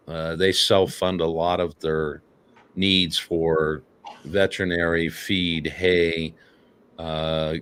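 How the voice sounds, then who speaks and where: A man hosting a casual talk show, speaking earnestly and haltingly with many fillers. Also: deep voice, fairly bright tone, clear, resonant tone. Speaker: podcast host.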